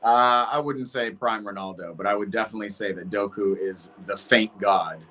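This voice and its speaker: A man's voice: on the low side, normal speed. Chatty young man reacting to football. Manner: animated, chatty, reacting to the match and chat. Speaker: host of a match watch party stream. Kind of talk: casual live reaction chat.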